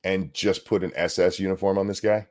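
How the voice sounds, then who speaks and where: A man's voice: low voice, fairly quick. A middle-aged man co-hosting a live stream, reading donations and joking in a profane, rambling way. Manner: animated, profane, jokey, with restarts. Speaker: co-host of a live stream show.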